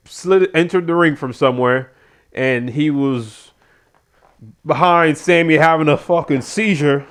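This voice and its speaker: A man's voice: on the high side, smooth. A man giving a casual spoken review of a wrestling show, animatedly retelling what happened. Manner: animated retelling, acts out quotes.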